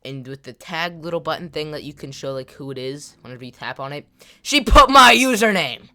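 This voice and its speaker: A teenage boy tells a personal story in a casual, rambling way. His voice sits at a middle pitch. He swings between loud outbursts and quiet mumbling, with lots of fillers. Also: fast talker. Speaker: gaming video creator.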